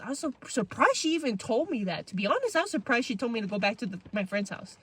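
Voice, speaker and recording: A woman hosting a podcast, telling a story from her childhood in a casual, animated, slangy and profane way. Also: fairly high pitch, quick pace, hardly any pauses, husky, no room sound. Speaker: podcast host.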